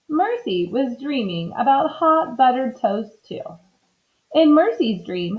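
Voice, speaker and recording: A woman reading a children's book aloud in an expressive, animated way. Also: fairly high pitch. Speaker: storybook reader. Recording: slightly dull lo-fi recording.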